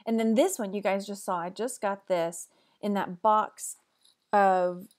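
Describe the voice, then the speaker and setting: A woman from Texas talks through her recent online sales in a casual, chatty vlog. She is matter-of-fact as she lists prices and profits. Her voice has a middling pitch. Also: steady tone, unhurried. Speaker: online reseller.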